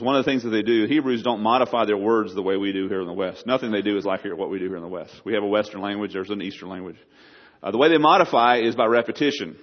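A man's voice: fairly low pitch, lo-fi sound. A man preaching a sermon as pastor, earnest, often repeating words and rising in emphasis. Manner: earnest, repeats words, rises loud on quotes.

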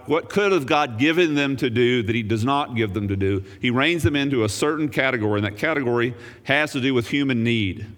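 Animated male preacher in a reverberant hall. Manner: animated preaching, swinging from loud raised emphasis to quiet low asides; wry, joking asides. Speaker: pastor. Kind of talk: sermon.

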